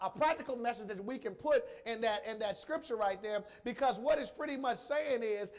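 Man preaching, very high voice, emphatic, repetitive, emotional sermon. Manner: emotional, addresses congregation directly.

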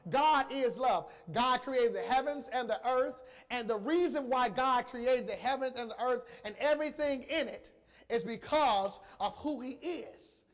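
A man's voice: very high-pitched, a bit bright. A man preaching a sermon, emotional and emphatic, repeating phrases and calling out to the congregation. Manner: emphatic, repetitive, slow emphasis; emotional, addresses congregation directly.

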